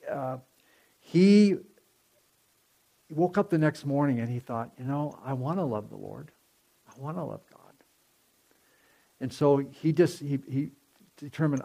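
A man with a gravelly, slightly creaky voice preaches to a congregation. He tells a story in a loose, conversational way, full of fillers and restarts, and the energy rises as he goes on. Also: mid-range voice, warm tone. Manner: conversational, many fillers and restarts, rising in intensity. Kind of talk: sermon storytelling. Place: church before a congregation.

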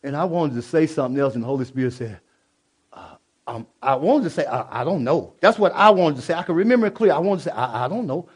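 A man's voice: fairly high pitch, fast talker, slightly rough. Fervent man preaching his testimony. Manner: fervent, swinging from hushed to loud exclamations; casual, repetitive asides to the listeners. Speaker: church speaker giving testimony.

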